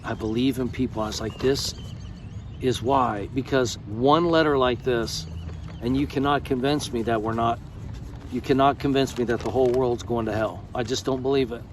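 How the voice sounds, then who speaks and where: A middle-aged American man from the United States vlogs casually, emphatic and effusive, swearing freely. His mid-range voice is steady in tone and brisk, with slight background noise behind him.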